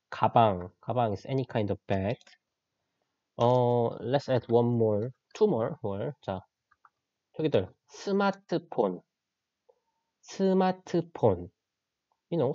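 A man's voice: mid-range voice, dark tone, no room sound, muffled recording. A man with a Korean accent, a native Korean speaker, teaching an online language lesson and patiently repeating key phrases.

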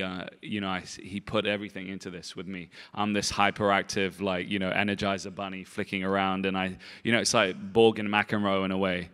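Low, flat-voiced man rambling on stage. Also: smooth. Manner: halting, repeats words, constant "you know" fillers. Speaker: film director and actor, interview guest. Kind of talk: rambling conversational interview answers. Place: festival stage in a large hall. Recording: long reverb of a large hall.

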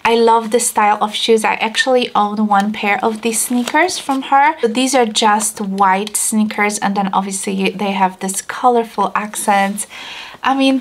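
A woman vlogger chatting casually and excitedly about new luxury shoes, often repeating herself as she gushes. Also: medium pitch. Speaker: fashion vlogger. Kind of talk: casual shoe haul chat.

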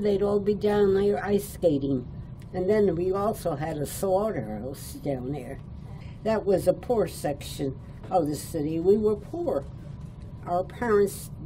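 A woman's voice: medium pitch, dark tone, a little hiss or hum, poor audio. An older woman, born in Italy and raised in New York State, tells childhood stories in an oral history interview and chuckles as she remembers. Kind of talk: reminiscing storytelling. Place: adult care home.

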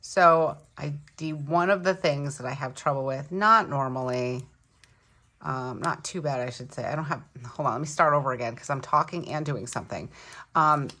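Female vlogger, low voice with lively swoops, gushy and excitable, casual unboxing chat at home. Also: normal speed, husky. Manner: excitable, gushing, thinks aloud. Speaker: planner vlogger. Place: home room.

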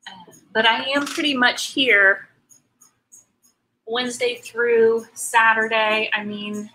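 Slow, bright-voiced chatty woman. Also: fairly high pitch, fairly even intonation, poor audio. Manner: chatty, rambling, answers viewer comments, many ums and restarts. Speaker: artist hosting a live painting stream. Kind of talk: casual chat while painting.

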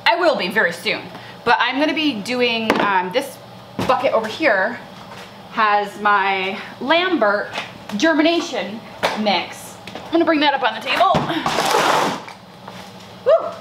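A woman flower farmer chatting casually to her viewers while starting seeds, bubbly and quick to laugh at herself. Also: fairly high pitch, expressive, very noisy. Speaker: flower farmer and channel host. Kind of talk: casual seed-starting vlog.

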